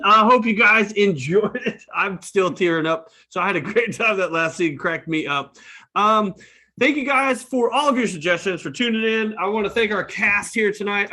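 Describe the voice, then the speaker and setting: A man's voice: high voice, bright, forceful tone. A man hosting a live-streamed improv show, talking loosely with many fillers and laughs. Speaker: host.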